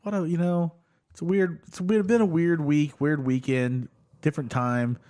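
A man hosting a podcast in casual chat, animated and profane, rambling with lots of fillers. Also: a little high, normal speed. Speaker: podcast host.

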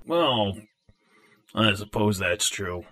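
A man's voice: lowish voice, animated, takes it slowly, pushed and bright, exaggerated voice. An actor voicing a grumpy male robot who speaks grudgingly and sarcastically.

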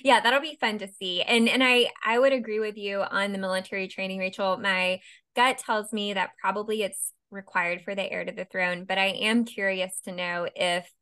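An American woman co-hosting a podcast, with a bright, clear, smooth voice. She shares royal fun facts in a friendly, casual way and speaks directly to listeners. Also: mid-range voice, fairly even intonation, moderate pace. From United States. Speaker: podcast co-host. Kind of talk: casual chat about royal news.

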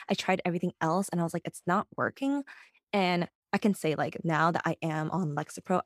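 A woman's voice: low-pitched, no room sound, clean studio sound. A woman co-hosting a podcast in casual chat, blunt and frank, swearing and using lots of fillers. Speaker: podcast co-host.

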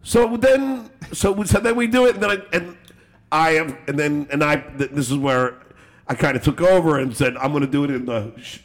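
A man hosting a podcast, telling a story in a laughing, rambling, animated way with swearing and restarts. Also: on the high side, moderate pace. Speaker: podcast host. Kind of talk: casual storytelling chat.

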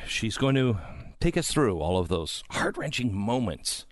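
A man's voice: fairly low pitch, sing-song, a little slow, no room sound. A man hosting a talk show, speaking with sarcastic, mock-solemn exaggeration. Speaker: radio talk show host. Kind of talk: comedic talk show banter.

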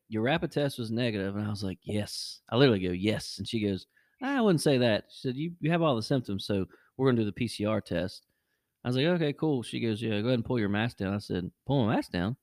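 Animated man telling a story, dry sound. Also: brisk, no echo. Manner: animated, jumps high when acting out quotes. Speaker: podcast host. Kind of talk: casual storytelling.

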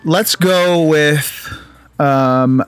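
A man's voice: on the high side, drawn-out words. A man hosting a podcast in a casual chat, with loose, profane banter. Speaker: podcast host.

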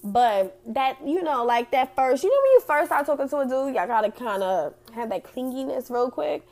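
Woman, host, casual chat, blunt, profane, laughs often, fairly high pitch, very animated. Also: moderate pace. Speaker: host reading out audience comments.

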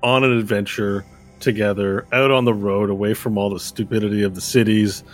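A man's voice: lowish voice, flat delivery, brisk, faint music behind. A man narrating a tabletop game as game master in a playful, laughing way.

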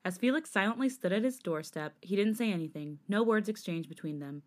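A woman co-host narrates fanfiction on her podcast. Her delivery is steady, in a mid-pitched voice. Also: a little fast. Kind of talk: reading fanfiction aloud.

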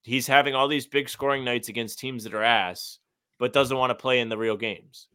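A man's voice: medium pitch, fairly even intonation, normal speed, pushed and bright, clean tone. A man co-hosting a sports podcast, chatting casually in a blunt, sarcastic, profane way. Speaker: podcast co-host.

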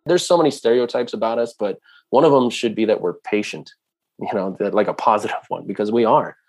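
A man's voice: on the low side, brisk, a little mellow. A man speaking earnestly in a conversational way about culture, with frequent restarts. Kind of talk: casual talk.

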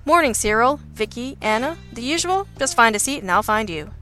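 Meet the cheerful, oblivious young man behind the café counter, as a woman reader puts him on. He talks in a breezy, chipper way, and the voice is bright and forward, with faint music behind it in this audiobook reading. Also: on the high side, lively intonation, fairly quick. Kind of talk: audiobook character voice.

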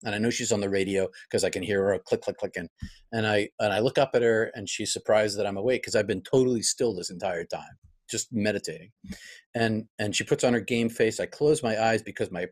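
A man's voice: fairly low pitch, fairly quick. A middle-aged pastor, a guest in an interview, telling a personal story in a reflective way, acting out his own past thoughts and often restarting his sentences.

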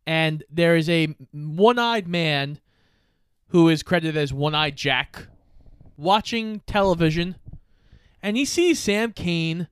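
A fairly high-pitched man walks through a film's plot in a casual podcast chat, animated and quick to swear. His voice is smooth and clear, and it sits in a dry, close-miked room. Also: no room sound. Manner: energetic, swears freely while retelling scenes. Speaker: podcast co-host. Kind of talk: casual movie recap chat.

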